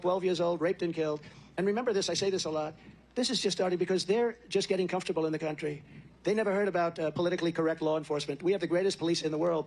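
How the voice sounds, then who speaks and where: A man delivers a campaign rally speech at a brisk clip. He rambles, boasts and circles back over the same points again and again, his voice sitting high for a man. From United States. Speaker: political candidate.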